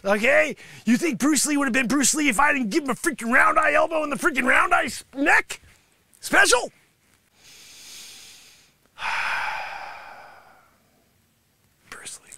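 A man voicing a loud, boastful karate master who berates his class and hard-sells his secret move. The voice sits very high with a gravelly edge and bright, sharp tone, swinging wildly in pitch. It is recorded dry and close, like a comedy sketch monologue. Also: no room sound, full character voice. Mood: indignant. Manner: brash, scolding, mocking, salesman patter. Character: boastful greedy male karate sensei, middle-aged, abrasive. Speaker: comedy show host. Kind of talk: improvised comedy character monologue.

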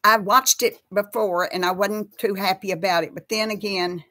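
A woman at a middling pitch hosting a casual live chat. She rambles warmly from topic to topic and reads out viewers' names as she goes. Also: steady tone, moderate pace, few pauses.

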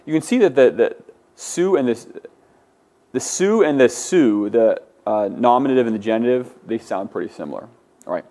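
An expressive male Greek teacher with a mid-range, dark voice lectures at normal speed. He takes his students patiently through forms and has them voice words aloud.

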